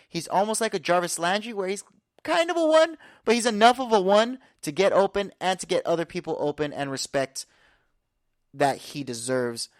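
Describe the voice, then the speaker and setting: A man hosting a podcast, giving an energetic, confident sports breakdown full of statistics. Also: high voice, dry recording, studio quality. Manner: energetic, confident, stat-heavy rundown. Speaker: podcast host. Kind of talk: casual sports analysis talk.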